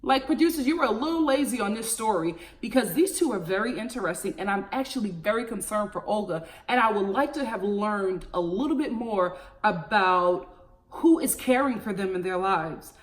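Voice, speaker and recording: Young woman reviewer, frank and animated, mid-pitched, addresses viewers directly. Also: moderate pace. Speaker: reality TV reviewer. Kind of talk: casual commentary.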